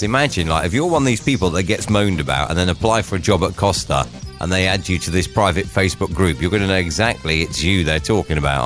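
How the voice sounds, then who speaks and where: A man's voice: low voice, fairly bright tone. A man hosting a drivetime radio show, chatting casually and cracking jokey asides.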